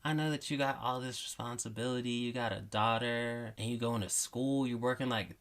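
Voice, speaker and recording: A man's voice: medium pitch, steady tone, a little fast, a bit bright, close to an everyday voice. A man voicing a meddling aunt who pushes brassy advice on her niece. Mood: pushy. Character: sassy meddling aunt, woman.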